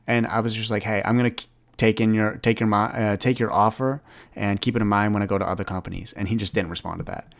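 A man's voice: lowish voice, steady tone, brisk, gravelly. A man in his twenties talking earnestly in a rambling solo podcast monologue, often restarting his sentences. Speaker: podcast host.

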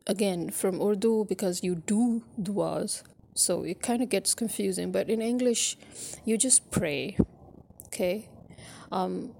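Gravelly-voiced woman teaching spoken English. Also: on the low side, warm tone. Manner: loose, explaining with many fillers.

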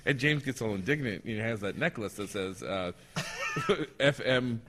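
A man's voice: lowish voice, animated, measured pace, fairly bright tone, long reverb tail, a little hiss or hum. A man hosting a casual chat, laughing as he retells a favorite story. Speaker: podcast host.

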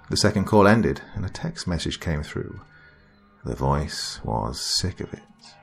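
A man reading a horror story as narrator in a slow, dramatic storytelling manner. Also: extremely low pitch, expressive, vocal fry, slightly rough, faint music behind.

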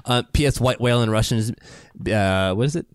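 A man's voice: medium pitch, fairly quick, smooth, no room sound, studio quality. A man co-hosting a podcast in casual chat, chatty and storytelling. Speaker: podcast co-host.

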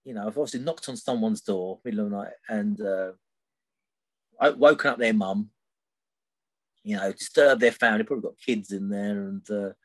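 A middle-aged man speaks in a somewhat low voice as a podcast guest. He tells his story candidly and loosely, with many fillers and frequent "right?" tags. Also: moderate pace, long pauses.

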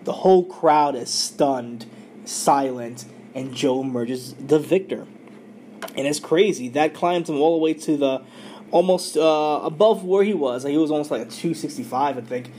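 A man's voice: fairly high pitch, moderate pace, warm tone, a little hiss or hum. Casual man recapping an anime episode. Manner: loose, filler-heavy retelling with quoted dialogue. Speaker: podcast host recapping an anime.

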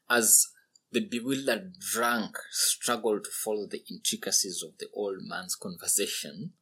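A man narrating a story in an earnest, unhurried way. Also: fairly low pitch, bright, forceful tone, slightly rough.

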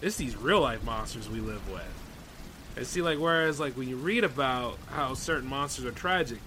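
A man's voice: mid-range voice, expressive, moderate pace, bright, forceful tone, a little hiss or hum, low-quality recording. A man hosting a podcast, reading a horror story aloud and breaking off for loose, chatty asides. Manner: loose, conversational asides full of 'like' and 'man'. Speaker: podcast host. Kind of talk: reading horror stories aloud with casual commentary.

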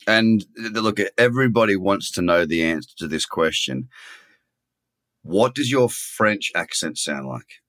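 A man's voice: on the low side, lively intonation, measured pace, a bit bright, no echo. A man hosting a podcast, chatting casually and joking with his guests. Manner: joking, upbeat interviewer. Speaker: podcast host.

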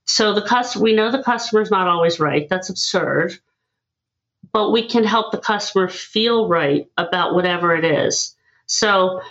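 A woman's voice: on the low side, a little slow, lo-fi sound. A woman guest on a podcast, telling stories in a conversational way and acting out the dialogue in them. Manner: animated, acts out dialogue in her stories. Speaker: guest, listening expert. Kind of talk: conversational storytelling.

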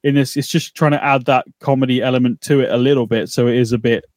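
A man co-hosting a podcast, chatting casually and excitably, swearing and laughing as he goes. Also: mid-range voice, fast talker, no room sound. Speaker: podcast co-host. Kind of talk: casual recap chat.

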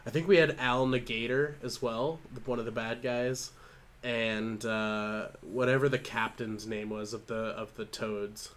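A man's voice: mid-range voice, steady tone, measured pace, fairly bright tone. Guy in his 30s on a podcast, couple drinks in, swearing a lot, um-ing his way through. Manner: loose and profane, rambling with fillers. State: slightly tipsy. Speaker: podcast co-host. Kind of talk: casual chat.

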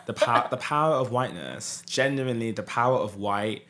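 A man's voice: mid-range voice, normal speed, fairly bright tone. A young man with a Southern English accent, explaining his points earnestly in a casual podcast discussion. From England. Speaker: podcast guest.

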